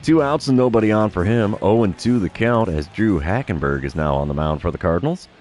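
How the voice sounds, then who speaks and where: A man streaming a baseball video game, calling each pitch like an announcer with dry self-deprecating asides. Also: lively intonation, a little fast, darkish tone, slight background noise. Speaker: gaming streamer. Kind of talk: play-by-play commentary of his own video game.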